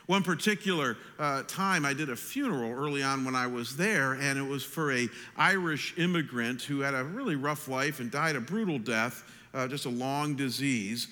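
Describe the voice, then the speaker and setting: An American man preaching a sermon as pastor, animated, climbing loud on his questions and slowing down to stress points. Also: mid-range voice. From United States. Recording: long reverb of a large hall.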